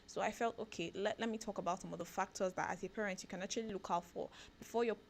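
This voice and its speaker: A woman's voice: medium pitch, quick pace, a little hiss or hum. Chatty woman hosting a radio advice segment. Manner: chatty, laughs often, animated with rhetorical questions. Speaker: radio show host. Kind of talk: casual talk segment giving parenting advice.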